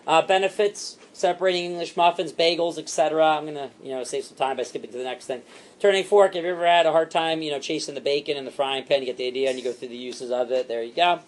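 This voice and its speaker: A man training a sales team, animated and repetitive, acting out what to say to customers. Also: fairly high pitch. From Italian heritage. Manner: animated, fast and repetitive, acts out customer lines.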